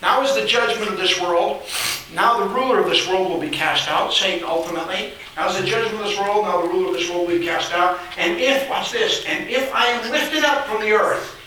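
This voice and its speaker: A man's voice: high-pitched, fairly quick, pushed and bright, recorded from a distance, a little hiss or hum. A man preaching a sermon, emphatic and repetitive, reading scripture aloud in a church hall. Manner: emphatic, repeats phrases, reads scripture aloud. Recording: very echoey room, voice off-mic.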